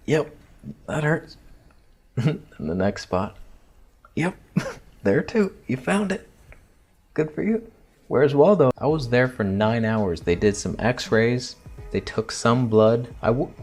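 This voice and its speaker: A young man casually telling a story to camera, crude and joking, dropping into quiet theatrical asides. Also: on the low side. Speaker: vlogger.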